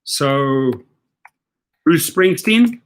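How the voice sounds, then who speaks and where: A middle-aged man with a South African accent and a fairly high voice runs a livestream chat. He coaches his listeners with energy and tends to restart and repeat his words. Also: lively intonation, drawn-out words, slight background noise. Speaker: host. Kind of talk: livestream chat giving advice.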